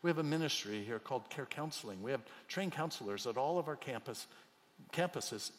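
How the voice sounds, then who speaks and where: A man preaching a sermon as pastor, swinging from loud cries to near whispers. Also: mid-range voice, lively intonation, a little fast, big-room sound. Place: church auditorium.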